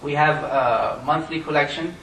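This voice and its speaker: A man giving an impassioned Friday sermon as imam, his voice surging high and loud on key points. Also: moderate pace. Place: mosque prayer hall. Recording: echoey room miked from a distance.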